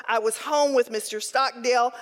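A woman with a high voice leads a Bible study, weaving funny personal anecdotes into her teaching. Her voice rings with a long reverb, as if spoken in a large hall. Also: moderate pace. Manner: lively, humorous anecdotes.

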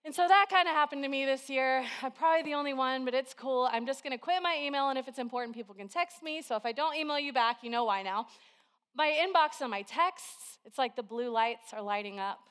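A woman preacher with a somewhat high voice gives a sermon at a church service. She talks in a relaxed, conversational way and weaves everyday stories into her preaching. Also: brisk. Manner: chatty and conversational, with storytelling.

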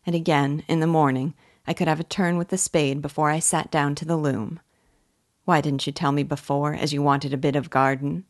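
Gentle old village weaver, humble and soft-spoken, read by a woman in a low register. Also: steady tone, normal speed, no echo, clean studio sound, natural voice. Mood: earnest. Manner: mild, plain country speech.

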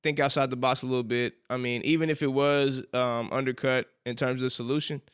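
A man co-hosting a podcast with a Southern US accent, telling a college story in casual chat, animated and quick to laugh. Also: medium pitch, smooth. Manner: animated storyteller, laughs often, says "bro". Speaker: podcast co-host.

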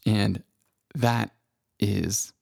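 A middle-aged man talks in a slow, contemplative monologue, pausing often as he reflects. His low voice carries a gravelly fry. The sound is dry and close, with no room around it. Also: fairly even intonation, dry recording. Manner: slow, gentle and contemplative, with long pauses. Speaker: self-help speaker.

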